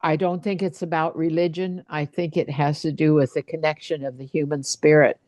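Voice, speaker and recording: A woman in a casual video-call chat, speaking in a measured, thoughtful way. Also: low-pitched, flat delivery, a little mellow, no echo.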